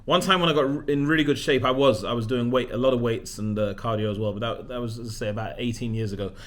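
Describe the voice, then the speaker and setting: A man's voice: mid-range voice, fast. A man in his forties, a leadership coach, talking casually in a personal vlog, chatty and self-deprecating, often restarting his sentences. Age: 40s.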